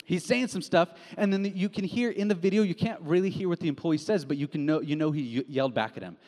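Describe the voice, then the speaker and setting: A young man preaching a sermon as a pastor, casual and animated, telling stories with slang. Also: fairly high pitch, fast. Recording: long hall reverb.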